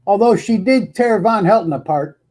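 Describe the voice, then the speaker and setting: A man with a high voice chimes in during casual chat. He agrees emphatically and often repeats himself. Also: animated, moderate pace, a little mellow. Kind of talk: casual group chat reacting to a livestream.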